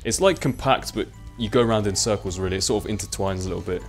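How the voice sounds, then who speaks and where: Young guy as a let's play commentator, chatty and rambling, lowish voice, faint game music behind. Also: fast. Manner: chatty, rambling, self-mocking. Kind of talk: casual gameplay commentary.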